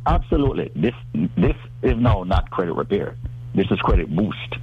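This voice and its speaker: A man's voice: low voice, sing-song, normal speed, breathy edge, phone-quality sound. A man talking about credit as a guest on a radio talk show, emphatic and salesman-like, often repeating his words.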